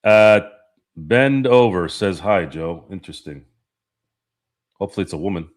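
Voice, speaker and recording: Profane, rambling man, lowish voice. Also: animated, moderate pace. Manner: rambling, profane, laughs often. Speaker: podcast host. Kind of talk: casual sports chat reading live chat.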